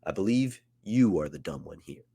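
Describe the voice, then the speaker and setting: A man's voice: sits low, animated, moderate pace, gravelly, mellow, slightly rough, voice pushed down, exaggerated voice. A man voicing a fierce, blunt veteran male wrestler. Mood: fired up.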